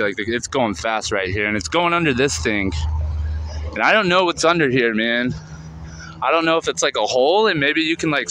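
Outdoors beside a canal near a street, a vlogger with a bright, mid-range voice tells the rough story of his recovery in loose, rambling talk full of "like" and "man," with swearing. The audio is poor, with slight background noise.

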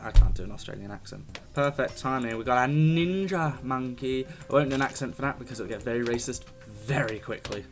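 A young man giving jokey, excitable commentary while playing a video game, talking to the screen as he goes. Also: mid-range voice, brisk, hardly any pauses, faint music behind. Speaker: gaming YouTuber. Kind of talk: casual let's-play commentary.

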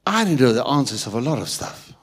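A man with a South African Afrikaans-tinged accent preaching a sermon in church, swinging from hushed asides to loud emphatic lines and often asking if the congregation is with him. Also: medium pitch, very animated, fast talker, slightly rough. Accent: South African English, Afrikaans-influenced. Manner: keeps checking in with the congregation. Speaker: pastor.

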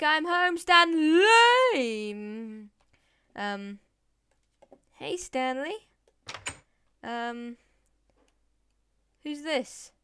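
A woman's voice: fairly high pitch, clean tone. A woman giving playful, chatty gameplay commentary, talking to in-game animals and dropping into whispered asides. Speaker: Let's Play gamer.

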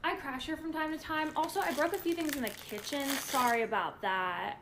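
High-voiced woman acting a snappy skit. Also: brisk, background noise. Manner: theatrical, snappy lines, switching between personas. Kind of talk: acted short-video skit.

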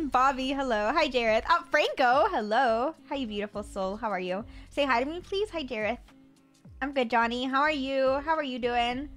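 A woman's voice: sits high, animated, normal speed, fairly bright tone. A young woman from the Florida Panhandle chatting casually with her live-stream viewers, rambling with lots of fillers and stumbling over her words. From Florida Panhandle, USA. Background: faint music.

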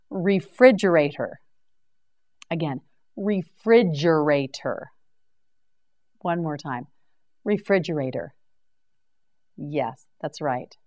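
A woman teaching English vocabulary in a slow scripted drill, carefully articulating each word and repeating it for practice. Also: fairly low pitch, darkish tone.

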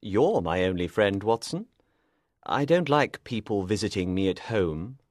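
A man voicing Sherlock Holmes, calm and grave. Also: fairly low pitch, no echo, clean studio sound. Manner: measured and serious. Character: calm, grave male detective. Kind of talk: storybook dialogue for English learners.

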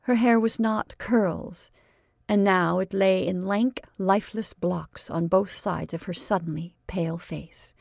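A woman storyteller reading a classic short story aloud in a measured, expressive way. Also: medium pitch, creaky, no room sound, clean studio sound. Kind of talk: scripted narration of a classic story.

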